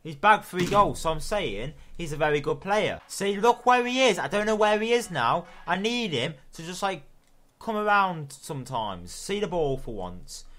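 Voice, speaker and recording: A young man with a British accent giving excitable live commentary over his own football gameplay. He swears freely and yells at the referee. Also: high voice, normal speed. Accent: British English. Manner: excitable, swearing, shouting at the ref. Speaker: gaming video host.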